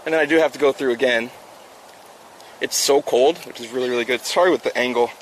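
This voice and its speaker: Talking quickly in a mid-range voice, a South Florida man runs a fishing livestream from outdoors, with slight noise in the background. He chats to his audience as he works, upbeat and talkative, offering casual how-to commentary.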